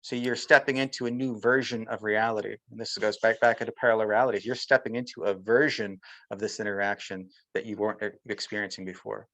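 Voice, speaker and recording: A man's voice: fairly low pitch, steady tone, fast, a bit bright, no room sound, rough recording. A man as an interview guest, telling a personal story in casual chat and voicing the people he quotes. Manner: storytelling, often acting out quotes of others.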